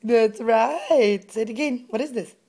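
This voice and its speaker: A woman's voice: a little high, a little slow, mellow, breathy edge. A pregnant mother filming at home, coaxing her toddler with sing-song, encouraging questions.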